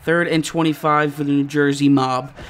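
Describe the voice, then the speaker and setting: A man hosting a gaming channel, giving live let's-play commentary and reacting excitably to each play. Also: on the high side, moderate pace, slight background noise. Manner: excitable, yelling and groaning at plays.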